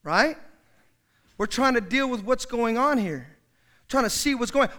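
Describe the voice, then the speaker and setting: High, bright-voiced pastor preaching. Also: male voice, unhurried. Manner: animated, acts out quoted people with loud outbursts. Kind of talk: sermon.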